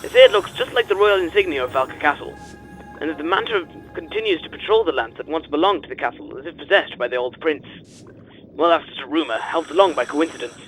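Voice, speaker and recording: A man's voice: fairly high pitch, quick pace, a bit bright, faint music behind, lightly acted, poor audio. A man voicing a talkative male radio operator in a video game, matter-of-factly explaining local rumors. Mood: explanatory. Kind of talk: reading game dialogue aloud in character.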